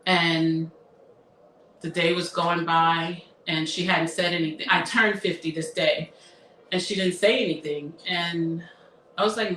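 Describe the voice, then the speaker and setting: A woman in her fifties, a therapist, telling a personal story in an emotional, reflective way, pausing and restarting as she speaks. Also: lowish voice, fairly even intonation, fairly bright tone. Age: 50s. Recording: roomy echo, somewhat far from mic, faint noise.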